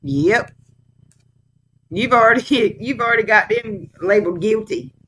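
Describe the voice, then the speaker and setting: A woman's voice: medium pitch, measured pace, a bit bright, slight background noise. A woman hosting a live stream, reacting to a clip with indignant, scornful rhetorical questions. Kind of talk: heated casual commentary.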